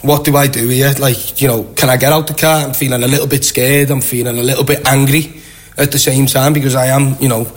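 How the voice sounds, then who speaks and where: A man's voice: medium pitch, fairly quick. Scouse guy spinning a long story, chatty, acts out what people said. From Liverpool, England. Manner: chatty, animated anecdotes with acted-out quotes. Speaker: guest. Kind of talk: casual storytelling.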